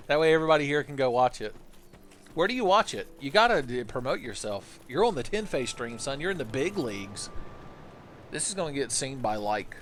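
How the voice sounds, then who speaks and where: A man's voice: fairly high pitch, very animated, brisk, a bit bright, a little hiss or hum. A man streaming a game live, chatting casually and joking as he rambles through questions from his chat.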